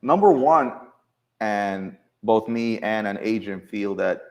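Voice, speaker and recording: A man hosting a casual chat with coworkers in an office, telling stories in an animated way and often restarting his sentences. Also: fairly low pitch, slow pace. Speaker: show host.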